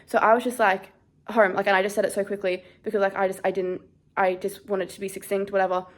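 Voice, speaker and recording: Brief: young woman vlogger, shaken and rambling, mid-pitched voice, storytime chat. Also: little pitch movement, fast talker. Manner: shaken, rambling, heavy use of "like". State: shaky and scared.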